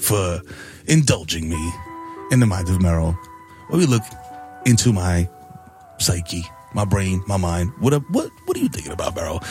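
A man, hosting morning radio and riffing in animated banter. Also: deep voice. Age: 40s. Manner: animated, riffing, lots of "you know what I'm saying". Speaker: radio host. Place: radio studio.

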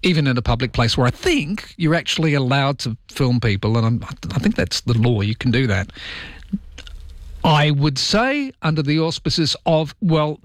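A man's voice: mid-range voice, no room sound, studio quality. A man with a Welsh accent and a slight lisp, hosting overnight talkback radio, reading listener texts and giving his opinions in a chatty way. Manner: chatty and opinionated, with frequent ums. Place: radio studio.

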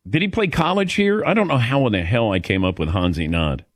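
Middle-aged man, from the Midwest, sports radio host, animated voice, dry studio sound, laughs easily. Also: medium pitch, a little fast, no room sound. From American Midwest. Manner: chatty storyteller, laughs easily, calls on co-hosts by name. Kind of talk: casual sports talk radio banter.

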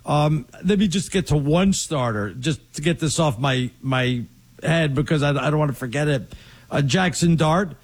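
A man's voice: a little high, animated, normal speed, breathy edge. A man co-hosting a sports talk show, rambling and emphatic in casual chat. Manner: rambling, restarts often, emphatic opinions. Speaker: podcast co-host.

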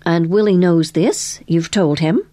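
Polite lady sleuth, gently probing questions, raised pitch, woman voicing her. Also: unhurried, close to an everyday voice. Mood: inquiring.

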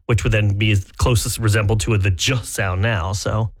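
A man's voice: fairly low pitch, fairly even intonation, normal speed, slight background noise. A middle-aged American man co-hosting a morning radio show, chatting casually and fussing over correct pronunciation. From United States. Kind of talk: casual on-air banter.

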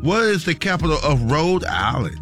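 A man's voice: on the high side, very animated, normal speed, music in the background. A man hosting a quiz on a morning radio show, upbeat and encouraging with the caller.

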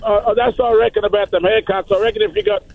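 Gravelly Australian caller on a dull phone line. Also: male voice, high-pitched, steady tone. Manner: rambling, laconic, halting.

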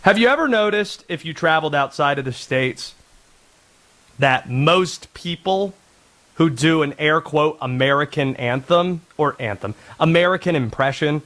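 A sports talk radio host, a man in his thirties, riffs in a casual, sarcastic, rambling way. His voice climbs and drops a lot as he talks, and it sits a little on the high side. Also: a bit bright.

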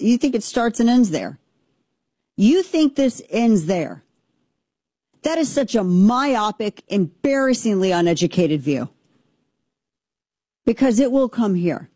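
A woman's voice: medium pitch, dark tone, breathy edge, no room sound. Impassioned woman, dry close sound. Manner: impassioned, emphatic, rambling with restarts. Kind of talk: opinionated commentary.

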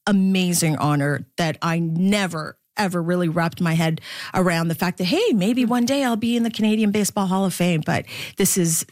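A woman's voice: fairly low pitch, normal speed, darkish tone, dry recording, clean studio sound. A middle-aged woman, a baseball broadcaster from the Philippines, talking candidly as an interview guest and laughing often.

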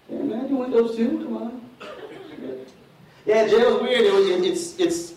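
A man's voice: sits high, darkish tone, heavy reverb, far from the mic, a little hiss or hum, low-quality recording. A man doing a stand-up set on a bar stage, with loose, profane, self-mocking storytelling. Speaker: stand-up comedian.

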